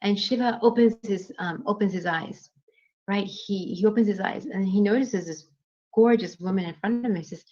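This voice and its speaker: A woman's voice: mid-range voice, moderate pace, a little mellow. A woman teaching a class, telling old stories in a conversational way with many fillers and restarts. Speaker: dance teacher. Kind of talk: storytelling in a class. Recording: dull lo-fi sound.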